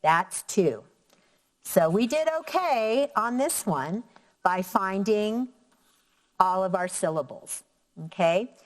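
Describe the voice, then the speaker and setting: Slow, clear woman teaching young children. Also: mid-range voice, animated, long reverb tail. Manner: slow, clear, counting out syllables. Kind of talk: elementary classroom lesson.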